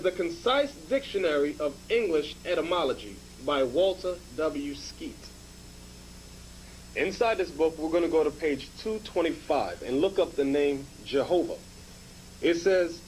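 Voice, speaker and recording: A man's voice: a little high, a little mellow, a little hiss or hum, poor audio. A man teaching in a lecture style, emphatic and checking in with the class by asking "okay?".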